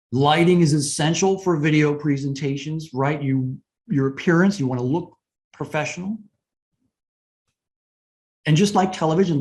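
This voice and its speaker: A man giving a webinar lesson on presentation skills in a conversational way, often asking "right?" and pausing to stress points. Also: on the high side, darkish tone.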